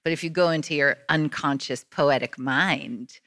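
Bright, dry-voiced woman director. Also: low-pitched, normal speed, dry recording. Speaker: film director on a festival panel. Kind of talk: panel discussion.

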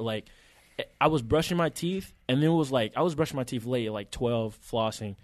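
A man's voice: medium pitch, lively intonation, normal speed, fairly bright tone, dry recording. A man co-hosting a podcast, telling a story in casual chat with plenty of slang and swearing. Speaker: podcast co-host.

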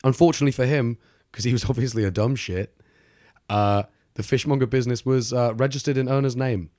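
A man's voice: medium pitch, fairly even intonation, a little fast, darkish tone, dry recording, studio quality. A man co-hosting a true-crime podcast, telling the story in a chatty, laughing way with lots of fillers. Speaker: podcast co-host.

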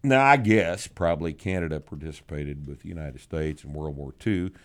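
Crowd noise surrounds a bass-voiced man talking at normal speed. As host of a podcast, he answers listener questions with drawling, profane bluntness, cracking jokes and laughing frequently in casual chat.

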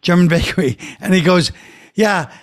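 A man's voice: a little high, brisk, a bit bright, no room sound. A man, a guest comedian, telling rambling anecdotes in a dry way. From Brooklyn, New York. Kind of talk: casual chat, storytelling.

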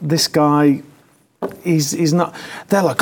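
A man co-hosting a casual political talk show, animated and mocking, laughing often as he talks. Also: on the high side, moderate pace. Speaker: co-host.

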